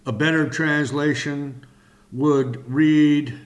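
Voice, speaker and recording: Man giving a bible lesson, super slow, pauses a lot, kinda high voice. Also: steady tone. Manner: very slow, drawn-out phrasing with long pauses. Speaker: Bible teacher. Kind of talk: slow deliberate sermon teaching.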